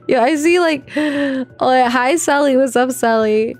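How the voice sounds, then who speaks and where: A woman's voice: high-pitched, measured pace, hardly any pauses, faint music behind. A young woman streaming live, chatting casually and rambling with viewers, full of filler words and slang. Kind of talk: casual livestream chat with viewers.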